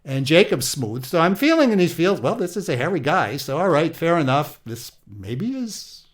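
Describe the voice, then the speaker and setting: A man's voice: fairly high pitch, very animated, moderate pace. A man playing the aging patriarch Isaac, an aggrieved older man telling his story with a Yiddish-inflected accent and old-world exclamations. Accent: Yiddish-inflected English. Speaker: interviewee. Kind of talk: comedic improvised interview.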